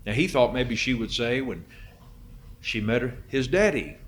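A man's voice: medium pitch, animated, moderate pace, slight background noise. Dramatic preacher man telling a story. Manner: dramatic storyteller, swings between loud and hushed. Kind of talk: sermon with storytelling.

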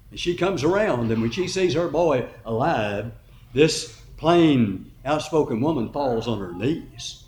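Preacher, male, animated storyteller in a roomy hall with faint background noise. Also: mid-range voice, unhurried. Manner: animated, dramatic retelling with emphatic rises. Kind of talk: sermon storytelling.

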